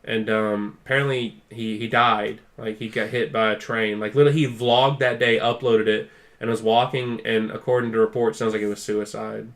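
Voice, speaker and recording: A man's voice: fairly low pitch, little pitch movement, moderate pace, fairly bright tone. A man co-hosting a podcast, telling a long story in casual chat, full of "like" fillers and acted-out quotes. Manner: rambling storyteller, heavy use of "like"; acts out quoted people with raised intensity. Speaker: podcast co-host.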